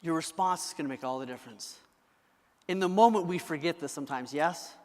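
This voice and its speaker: A man's voice: a little high, fairly quick, darkish tone. A man giving a live motivational keynote, emphatic and constantly asking the crowd for answers. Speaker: motivational speaker. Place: large event hall. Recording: reverberant hall from stage.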